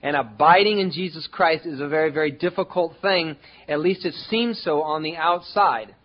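A man preaching a sermon in an earnest way, with many pauses and fillers and stress on key words. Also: a little high. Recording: dull lo-fi sound.

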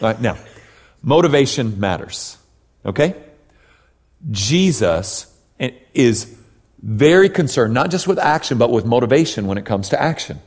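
A man's voice: mid-range voice, very animated, measured pace, long pauses. A man preaching a sermon in a conversational style, often asking "right?" and restarting his sentences. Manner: conversational preaching with frequent tag questions and restarts. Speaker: pastor. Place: church hall. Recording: reverberant hall.

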